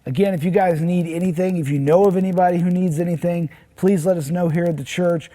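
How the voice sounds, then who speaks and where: A man's voice: high-pitched, fairly even intonation, fast talker, warm tone. A man speaking as a pastor, giving a short, earnest devotional message in a plain, conversational way with some restarts. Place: church.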